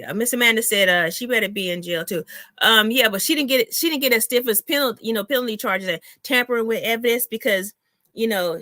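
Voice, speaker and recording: A woman's voice: mid-range voice, fairly bright tone, no echo, clean studio sound. Heated, ranting woman on a live stream. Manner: heated, ranting, blunt and profane. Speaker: comedian hosting a live chat. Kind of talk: casual live-stream chat reading viewer comments.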